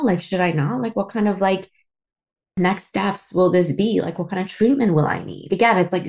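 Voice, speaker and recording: A woman's voice: medium pitch, normal speed, darkish tone. A woman in her thirties from Canada, telling a candid personal story as a podcast host, emotional and tearful at times, swearing and full of fillers. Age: 30s.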